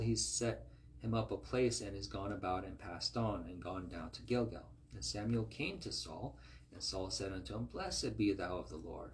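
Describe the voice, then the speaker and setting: A man's voice: lowish voice, a little mellow. A man reading scripture aloud and explaining it in a conversational way, often checking in with his listeners. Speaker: Bible teacher.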